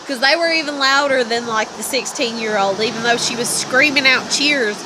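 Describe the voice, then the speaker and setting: A woman rambles on in a casual vlog, cursing nearly every line and breaking into laughter mid-sentence. Her voice sits a little high. Steady noise hums behind her. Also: quick pace, few pauses. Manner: profane, swearing constantly, laughing as she talks. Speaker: vlogger. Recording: noisy background.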